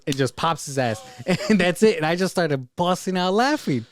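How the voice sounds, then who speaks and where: A man's voice: high-pitched, lively intonation, moderate pace. A man co-hosting a podcast, chatting casually and acting out lines and laughing as he retells scenes. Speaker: podcast co-host. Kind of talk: casual chat.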